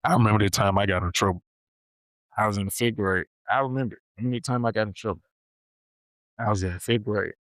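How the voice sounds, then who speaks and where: A man's voice: on the low side, fast, pauses often, no echo, poor audio. A young man hosting a podcast, telling a story from his childhood in a casual, slangy way, with lots of repetition. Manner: animated, slangy, repeats himself. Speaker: podcast host.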